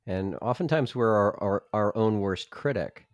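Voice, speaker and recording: Deep-voiced hesitant male host. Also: normal speed, no room sound. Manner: hesitant, searching for words with many fillers. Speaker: podcast host. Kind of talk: interview questions.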